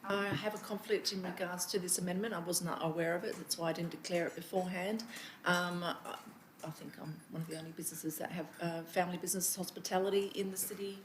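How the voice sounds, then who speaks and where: A woman councillor speaks hesitantly and apologetically, keeping her pitch even and flat. She sits a little away from the microphone, and the chamber adds echo and faint ambience. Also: fast, a little hiss or hum. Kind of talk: meeting declaration. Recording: roomy chamber sound.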